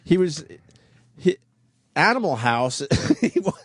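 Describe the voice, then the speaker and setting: A man's voice: fairly high pitch, takes it slowly, slightly rough, no echo. A male radio host talks in loose studio banter with a voice that swings widely up and down, teasing his co-hosts. The sound is dry and close-miked. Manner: animated, teasing.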